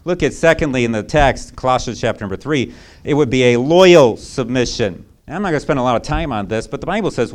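A man's voice: medium pitch, expressive, quick pace. A male pastor preaching a sermon in a conversational, emphatic way, often checking in with rhetorical asides.

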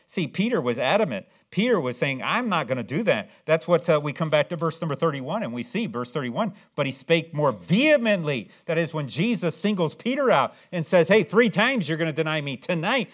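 A man preaching a sermon, reading scripture slowly and repeating phrases as he builds to loud, emphatic stresses. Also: fairly high pitch, very animated. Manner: reads scripture aloud in slow, drawn-out cadence. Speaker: pastor.

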